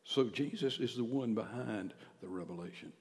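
Low-voiced male pastor, sermon delivery that swings from emphatic to hushed, reverberant sanctuary sound. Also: normal speed. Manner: emphatic, dropping to hushed near-whispers. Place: church sanctuary. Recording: long hall reverb.

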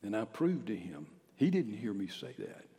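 A man's voice: on the low side, big pitch swings, normal speed. Man preaching in a reverberant church. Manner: emphatic, dropping to hushed near-whispers. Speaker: pastor. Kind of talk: sermon. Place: church sanctuary. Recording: long hall reverb.

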